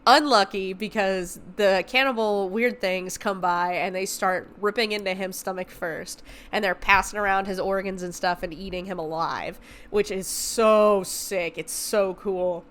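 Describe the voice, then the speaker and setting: Podcast host, young woman, bright tense tone, loose swearing movie recap. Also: mid-range voice, moderate pace, few pauses. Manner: animated, profane retelling with filler words. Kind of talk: casual movie review recap.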